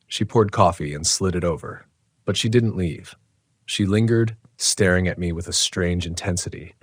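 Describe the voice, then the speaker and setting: A man reading a scripted horror story in a hushed, tense narrating manner. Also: sits low, normal speed, no room sound.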